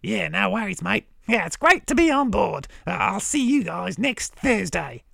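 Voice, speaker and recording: A man's voice: sits high, very animated, moderate pace, creaky, pushed and bright, no room sound, studio quality, voice pushed up, heavily acted. A man voicing a cheery, chummy male orange crow with a put-on Australian accent, full of slang. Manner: chummy, slangy, keeps saying the host's name.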